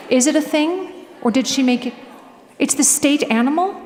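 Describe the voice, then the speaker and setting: A woman with a Minnesota accent, her voice sitting a little high, tells funny stories to a crowd with animated, laughing delivery. She sounds like she's speaking on stage in a large auditorium, with a long reverb tail and clear background noise in the room. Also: moderate pace, long pauses. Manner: animated, comic, often laughing through lines. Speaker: author speaking at a library event. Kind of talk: humorous live storytelling talk.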